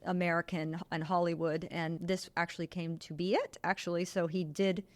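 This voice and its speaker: A woman's voice: lowish voice, little pitch movement, moderate pace. A woman hosting a podcast, casually retelling an old film's story with many asides and tangents. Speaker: podcast host. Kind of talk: casual film discussion.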